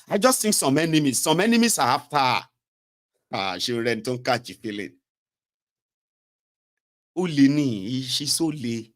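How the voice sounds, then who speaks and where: Brief: a Nigerian man talking politics in a casual, sarcastic way, with a mid-pitched voice that swoops a lot. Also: unhurried, long pauses. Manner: animated, sarcastic, rambling. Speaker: commentator.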